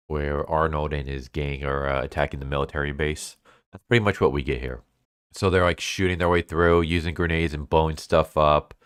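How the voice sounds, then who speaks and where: A man with a very deep, smooth voice retells a comic's plot in a relaxed, chuckling way. He talks loosely, with plenty of filler words. The recording is dry and close. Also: no echo. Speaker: comic book reviewer. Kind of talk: casual review recap.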